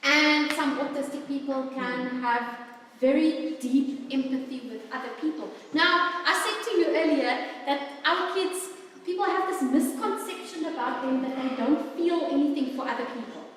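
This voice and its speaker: A woman presents a workshop to an audience, talking in a warm, chatty, playfully animated way. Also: sits high, normal speed, a little hiss or hum. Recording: echoey hall from far off.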